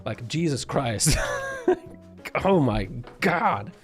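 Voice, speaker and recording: A man's voice: medium pitch, lively intonation, extremely slow, faint music behind. Swearing, exasperated male streamer ranting. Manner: profane, exasperated rant with constant filler "like"; laughs often mid-sentence. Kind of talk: casual livestream commentary.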